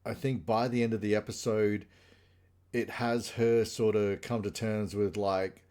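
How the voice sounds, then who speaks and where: A man's voice: on the low side, little pitch movement, unhurried, a little mellow. Man rambling through a casual plot recap. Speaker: podcast co-host. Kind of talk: casual chat.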